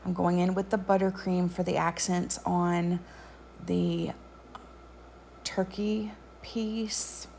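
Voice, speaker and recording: A woman narrating a craft tutorial voice-over in a relaxed, chatty way with frequent ums. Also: on the low side, creaky, a little hiss or hum.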